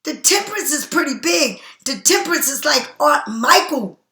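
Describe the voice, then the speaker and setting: A woman's voice: high-pitched, sing-song, moderate pace, bright, forceful tone, roomy sound. A woman giving a casual tarot reading straight to the viewer, repeating herself for emphasis as she offers spiritual encouragement. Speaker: tarot card reader.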